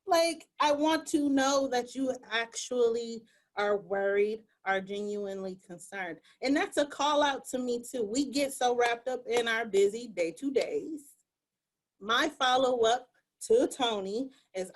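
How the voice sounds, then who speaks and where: A woman's voice: on the high side, a little slow. A woman speaking earnestly and with animation as a panelist in a discussion over a video call. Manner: earnest, animated, acts out quoted voices.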